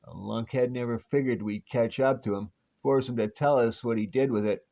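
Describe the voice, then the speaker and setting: A man voicing a greedy, blunt male crook with rough tough-guy talk, on a dull lo-fi recording. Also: medium pitch, fairly even intonation, moderate pace, dark tone, lightly acted. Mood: grumbling.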